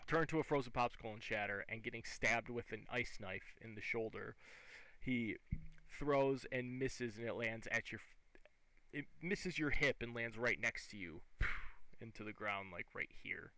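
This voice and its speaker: A man running a tabletop game as game master, describing the action in lively, vivid narration. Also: mid-range voice, moderate pace, no echo, poor audio.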